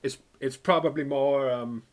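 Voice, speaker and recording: A young man giving casual, excitable commentary while playing a game, swearing a lot and calling the viewer "bro". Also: medium pitch, a little slow. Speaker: gaming video creator.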